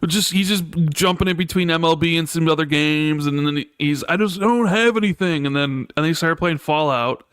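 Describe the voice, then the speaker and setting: A man's voice: a little high, fairly even intonation, normal speed, hardly any pauses, a bit bright, clean tone, no echo, studio quality. A man co-hosting a casual gaming chat, teasing his partner in a laid-back way with lots of fillers. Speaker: co-host.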